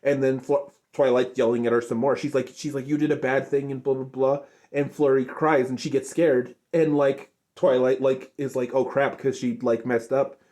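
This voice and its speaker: A young man giving an unscripted, rambling review of a cartoon episode, gushing and excitable, full of filler words. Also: medium pitch, normal speed, few pauses. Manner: rambling, lots of filler likes and restarts. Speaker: show reviewer.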